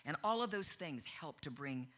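A middle-aged woman preaches a testimony sermon at a church gathering, telling her own story conversationally and acting out the voices of the people she quotes. Her voice is low-pitched, expressive and a bit bright, at a moderate pace.

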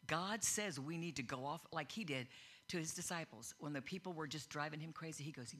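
A woman's voice: low voice, fairly quick, fairly bright tone. A middle-aged woman giving a sermon built on her own story, telling it conversationally and acting out the voices she quotes. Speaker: speaker at a church gathering. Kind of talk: personal testimony sermon.

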